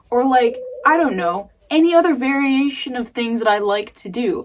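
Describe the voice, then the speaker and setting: Woman vlogger, high-pitched, rambling vent swinging soft to loud, faint hiss behind. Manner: rambling, swings between muttering and loud outbursts. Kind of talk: emotional casual rant. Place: home.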